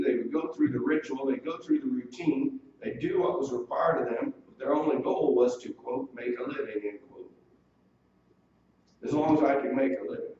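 A man's voice: mid-range voice, dark tone. Man preaching in a very echoey church. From United States. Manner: earnest preaching, quotes scripture in old wording. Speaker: pastor. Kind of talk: sermon. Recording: distant mic in a very echoey room, dull lo-fi sound, faint hiss.

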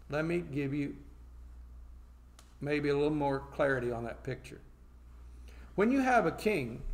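A man preaching a sermon, reading scripture slowly and then explaining it in plain talk, asking and answering his own questions. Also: fairly high pitch, gravelly.

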